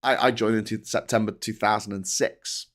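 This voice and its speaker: A man's voice: on the low side, steady tone, normal speed, a bit bright. A man from England hosting a casual live chat on his small YouTube channel, reading headlines and viewer comments aloud with rambling asides and frequent swearing. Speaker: YouTube host.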